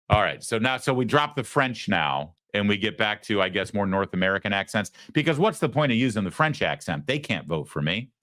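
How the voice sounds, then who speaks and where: A man's voice: fairly low pitch, lively intonation, brisk, hardly any pauses, pushed and bright, dry recording, clean studio sound. A man hosting a show, giving opinionated political commentary with frequent stammered restarts. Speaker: host.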